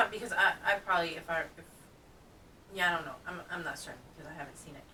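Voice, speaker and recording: A woman's voice: lowish voice, fast, bright, forceful tone, distant mic, a little hiss or hum. Hesitant, thoughtful woman co-host. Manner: hesitant, thinks aloud with restarts. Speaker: co-host reacting to comedy. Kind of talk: casual reaction chat.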